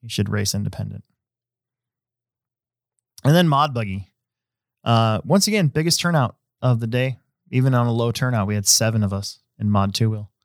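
A man hosting a casual podcast, talking in a rambling, relaxed way with many fillers and restarts. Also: medium pitch, moderate pace, gravelly, long pauses, dry recording, clean studio sound. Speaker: host; hobby shop owner.

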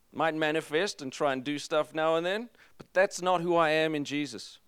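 A man preaching a sermon as pastor, energetic and emphatic, with jokes to the congregation. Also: high-pitched, clean tone, no echo, clean studio sound.

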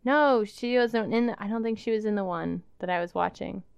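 A woman's voice: mid-range voice, brisk, gravelly, highs cut off, heavy background noise. A woman co-hosting a casual chat, talking in a chatty way and laughing often. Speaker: podcast co-host.

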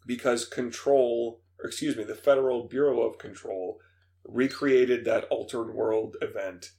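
A young man co-hosting a gaming podcast, chatting casually and excitedly with many fillers. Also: medium pitch, a little slow, creaky. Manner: excited, fillers, laughs, imitates voices. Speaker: podcast co-host. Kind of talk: casual chat.

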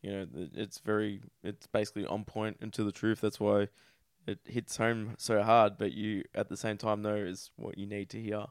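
A man's voice: on the low side, level tone, normal speed, clean tone, no room sound, studio quality. A man with an Australian accent, a podcast guest telling his story in a candid, crude and self-deprecating way.

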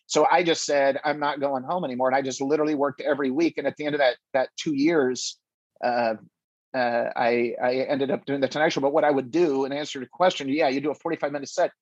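Comic guest, male, husky and dry, animated storyteller who keeps restarting. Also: mid-range voice, brisk, no echo, muffled recording. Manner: animated, many restarts, acts out quotes. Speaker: stand-up comedian guest. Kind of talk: casual interview storytelling.

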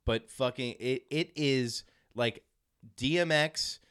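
A man's voice: mid-range voice, slow, fairly bright tone, clear, resonant tone. A man in his thirties telling jokey, profane stories in a casual podcast chat. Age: 30s. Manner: joking, profane storyteller.

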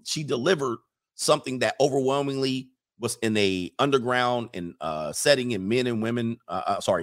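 A middle-aged man who streams and coaches chats loosely on a livestream, laughing as he reads viewer comments and telling stories in slang. His voice sits at a medium pitch with a slightly bright tone.

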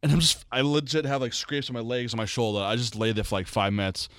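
A young man, co-hosting a casual podcast and telling stories in an animated way, jumping up into high voices for quotes. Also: fast talker, no room sound, studio quality. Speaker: podcast co-host. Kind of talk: casual chat.

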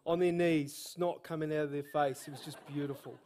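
High-voiced Kiwi preacher telling stories. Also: male voice, fairly quick. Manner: lively, slangy, evangelistic. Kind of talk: sermon storytelling. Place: church service.

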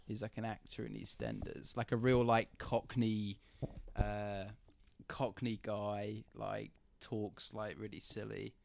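A man's voice: on the low side, flat delivery, slow, vocal fry, a little mellow, slight background noise. A man chatting casually on a podcast, rambling with lots of fillers. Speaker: podcast co-host. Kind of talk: casual chat.

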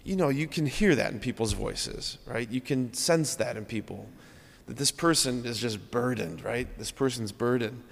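A man's voice: medium pitch, moderate pace, creaky. Priest guy in his 30s doing a homily, chatty and earnest, long echo from the church. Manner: conversational, earnest storytelling with rhetorical questions.

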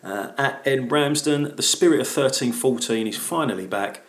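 A man's voice: mid-range voice, normal speed. A man co-hosting a casual football podcast, talking in a chatty, hesitant way with fillers and restarts. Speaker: podcast co-host. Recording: echoey room.

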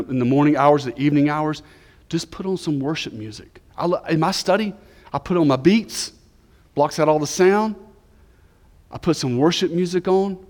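Preaching man, echoing church hall. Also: mid-range voice. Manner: swings between loud emphatic preaching and hushed near-whispered prayer. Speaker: pastor. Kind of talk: sermon. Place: church sanctuary.

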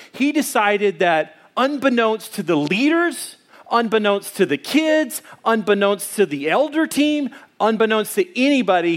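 High-voiced animated male pastor. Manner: animated, conversational storytelling with restarts. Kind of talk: sermon with personal storytelling.

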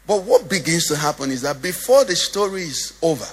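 A man's voice: on the high side, animated, a little fast, slightly rough, long reverb tail. A male pastor preaching a sermon, lilting in a sing-song way and asking the congregation questions. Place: church.

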